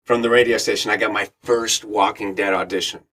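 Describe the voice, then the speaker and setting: Give me a middle-aged man guesting on a podcast, an animated storyteller with a tense, bright tone. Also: on the low side, brisk. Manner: animated storyteller acting out quoted voices, laughs often. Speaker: actor and radio host, interview guest.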